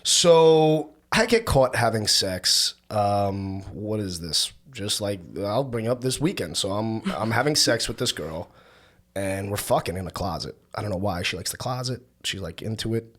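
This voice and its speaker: A man's voice: on the low side, expressive, moderate pace, a bit bright. A young man hosting a podcast, telling loose, profane stories in casual chat and raising his voice when he quotes friends. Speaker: podcast host.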